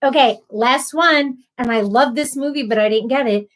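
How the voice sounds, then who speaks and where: A woman's voice: high voice, normal speed, slight background noise. A woman hosting a casual live stream, chatting and laughing as she answers viewers by name. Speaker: livestream host.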